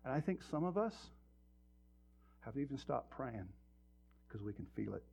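A man's voice: mid-range voice, big pitch swings, unhurried, gravelly, darkish tone, slight background noise. A male pastor delivering a sermon in a church, talking directly to the congregation with rhetorical questions. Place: church sanctuary. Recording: muffled lo-fi sermon recording.

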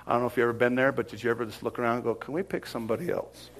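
A middle-aged man preaching a sermon, telling a personal story and swinging from whispers to loud exclaims. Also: mid-range voice, very fast, a little hiss or hum.

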